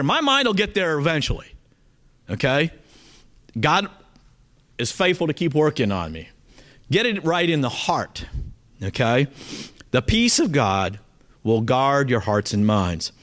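Lively, earnest male Bible teacher. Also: on the high side. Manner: earnest, emphatic, often checks in with "okay?".

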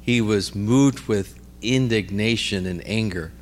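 A man preaches conversationally on healing ministry, telling stories and checking in with listeners through "all right?" and "amen?", often repeating and restarting words. His voice is on the low side and slow, with slight background noise.

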